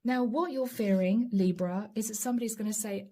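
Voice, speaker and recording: A woman giving a channeled tarot reading to camera, gentle and encouraging, speaking straight to her viewers and breaking into soft laughs. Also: mid-range voice, a little fast, few pauses. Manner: often breaks into light laughs and soft asides. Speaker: tarot reader.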